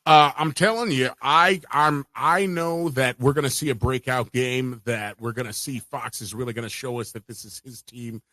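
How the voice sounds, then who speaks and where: A man's voice: medium pitch, normal speed, hardly any pauses, sharp tone, no room sound. A man who is a guest sports radio host, making confident, emphatic predictions in casual sports talk.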